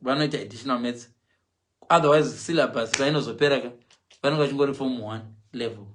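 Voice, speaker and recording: A middle-aged man from Zimbabwe with a Zimbabwean English accent, telling comic stories on a livestream in an animated way, mimicking other people's voices and laughing along. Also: mid-range voice, fast talker, noisy background. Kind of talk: animated comic storytelling, switching between Shona and English.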